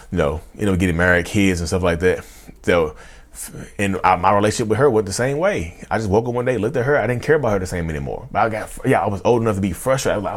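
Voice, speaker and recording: Fast-talking deep-voiced man in his thirties. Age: 30s. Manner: animated, acts out past outbursts in a loud high voice; addresses viewers as y'all, frequent you know. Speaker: vlogger. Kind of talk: confessional storytelling.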